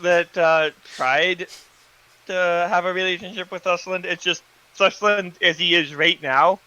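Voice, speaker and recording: Hesitant man with a bright, higher voice. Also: steady tone, unhurried, lo-fi sound. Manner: hesitant, lots of uhs, plain own voice. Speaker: podcast player. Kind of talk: casual podcast chat.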